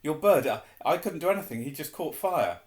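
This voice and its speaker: A man voicing an anxious twelve-year-old boy wizard, nervous and raised in pitch, in a roomy echo. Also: animated, a little fast, close to an everyday voice.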